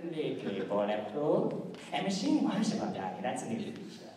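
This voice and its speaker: Man doing an imperious little woman designer, brisk, echoey hall with crowd. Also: mid-range voice, big pitch swings, far from the mic, lightly acted. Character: small bossy female fashion designer, brisk, imperious.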